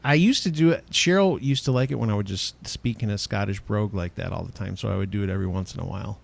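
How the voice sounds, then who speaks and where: A man co-hosting a podcast in casual banter, playful and quick to laugh. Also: fairly low pitch, creaky. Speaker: podcast co-host. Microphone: studio mic.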